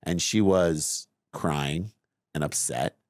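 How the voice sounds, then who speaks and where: A middle-aged man co-hosting a podcast, telling a long story in a lively, self-mocking way. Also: very deep voice, slow, no echo. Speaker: podcast co-host. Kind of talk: casual chat, storytelling.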